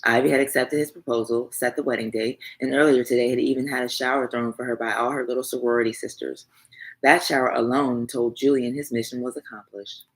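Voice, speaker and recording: A woman narrating a romance novel for an audiobook, in an even, measured reading voice. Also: extremely low pitch, husky, poor audio.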